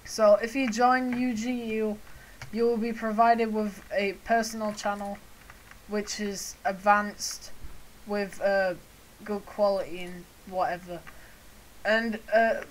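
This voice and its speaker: A young woman, co-manager of a gaming channel, introduces it casually and haltingly, with many fillers. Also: medium pitch, slight background noise, low-quality recording.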